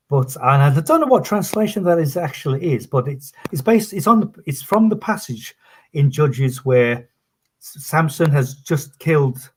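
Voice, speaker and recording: A man from England with a Birmingham accent smoothed toward southern English, talking casually as a guest with hesitant restarts. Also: mid-range voice. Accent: Birmingham accent softened toward southern English. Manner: hesitant, many restarts, self-deprecating. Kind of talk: casual conversation.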